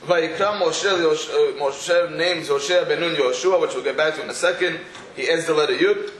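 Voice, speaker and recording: A man's voice: a little high, normal speed, fairly bright tone, reverberant, a little hiss or hum, low-quality recording. A man, giving a weekly Torah class. He poses rhetorical questions and breaks into storytelling asides. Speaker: Torah teacher.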